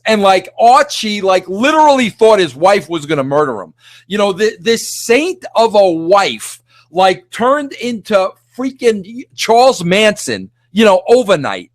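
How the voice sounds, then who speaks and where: High-pitched, animated rambling man. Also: no room sound, studio quality. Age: middle-aged. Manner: excitable, rambling, lots of "like" and restarts. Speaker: podcast host. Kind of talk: animated solo rant.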